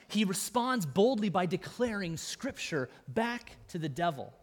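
A man with a fairly high voice delivers a sermon like he is talking with the room. He leans on key words with emphasis and drops in wry asides along the way. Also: expressive, moderate pace, few pauses. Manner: conversational, emphatic preaching with asides and humor. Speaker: pastor.

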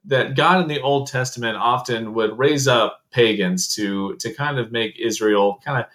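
A man hosting an interview in a relaxed, conversational way, at an ordinary middle pitch. He frames his questions loosely, leaning on fillers and hedges as he goes. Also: normal speed. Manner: casual, with hedging fillers like "kind of". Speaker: interview host. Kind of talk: casual interview.

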